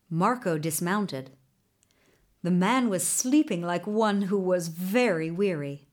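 A woman narrating a children's storybook in a gentle, measured way. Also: on the low side.

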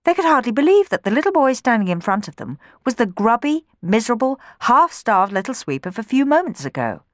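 A woman reading a children's storybook aloud in an expressive way, changing her voice for the characters. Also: on the high side, a little fast, no echo, studio quality.

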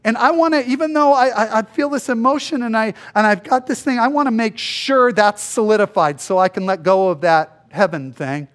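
High-voiced male pastor preaching casually. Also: moderate pace, few pauses, a bit bright. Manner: conversational, acts out biblical dialogue in voices. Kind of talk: sermon.

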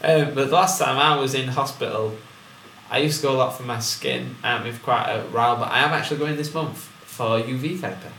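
A young man co-hosting a casual comedic chat, cracking dry deadpan jokes. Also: medium pitch, fairly quick. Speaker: podcast co-host. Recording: echoey room with faint hiss.

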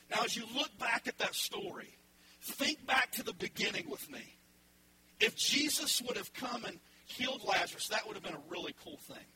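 Man, pastor, sermon, high voice, lively delivery, noisy recording with hum. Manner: animated, acts out voices in the story.

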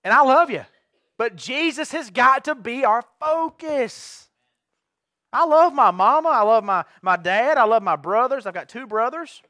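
A man's voice: extremely high pitch, expressive, measured pace, pushed and bright, no echo, clean studio sound. A young man preaching a sermon as pastor, fervent and given to repeated rallying cries. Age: young adult. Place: church sanctuary.

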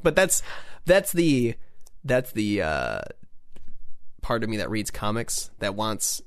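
A man's voice: on the low side, huge pitch swings, slow pace, no room sound. A man hosting a podcast, chatting casually and animatedly, with lots of restarts and playful little voices. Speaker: podcast host. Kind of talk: casual chat.

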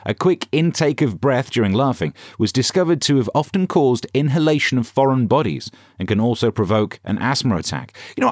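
A man hosting a scripted satirical news comedy podcast with a sarcastic, deadpan delivery. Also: mid-range voice, no echo, clean studio sound.

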